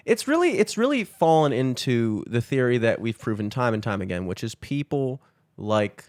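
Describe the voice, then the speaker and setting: A man's voice: medium pitch, big pitch swings, moderate pace, darkish tone, no room sound, clean studio sound. A young man co-hosting a podcast, chatting casually in a loose, joking, profane way. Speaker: podcast co-host. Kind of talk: casual chat.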